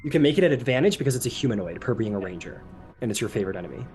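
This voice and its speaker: A man narrating a tabletop game as its game master, his voice sitting at an ordinary middle pitch. He talks in a loose, rambling way, full of fillers. Faint music plays behind him. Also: lively intonation, very fast. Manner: loose, filler-heavy narration with sudden shouted NPC outbursts.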